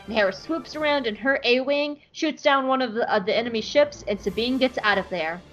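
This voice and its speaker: A woman's voice: fairly high pitch, a little fast, a bit bright, highs cut off, faint music behind. A woman co-hosting a podcast, recapping an episode in casual, enthusiastic chat with plenty of "like" fillers. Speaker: podcast co-host.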